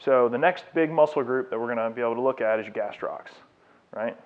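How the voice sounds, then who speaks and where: Brisk and medium-pitched, this fitness trainer coaches a client through exercises during a live demonstration lecture at a fitness studio. His guidance is encouraging and explanatory, though the audio comes across thin and phone-like.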